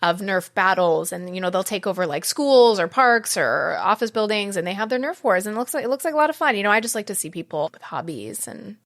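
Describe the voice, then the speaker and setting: A woman's voice: mid-range voice, lively intonation, a little fast, hardly any pauses, a bit bright. A woman co-hosting a podcast, reading out researched facts in chatty, easy conversation and laughing readily. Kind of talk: casual chat.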